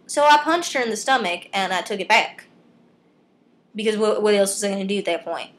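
A woman's voice: medium pitch, brisk, a bit bright. A woman vlogger ranting on camera in a comedic, rambling way, trailing off and restarting mid-sentence. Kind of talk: comedic vlog rant. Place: filming herself on camera.

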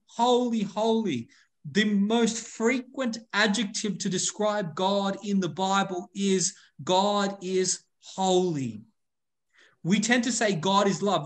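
High-voiced pastor preaching with emphasis. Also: male voice, fairly bright tone. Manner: emphatic, repeats words for stress, slows on key terms. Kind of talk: sermon.

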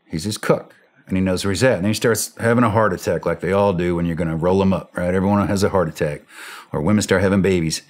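This middle-aged man has a deep voice and a quick pace. A former special operations soldier, he tells a war story on a podcast, bluntly and animatedly playing out the dialogue.

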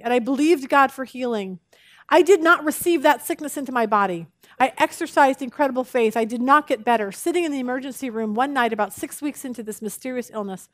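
A woman teaching a women's Bible study, animated and expressive, telling jokes as she speaks. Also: fairly high pitch, no echo, studio quality.

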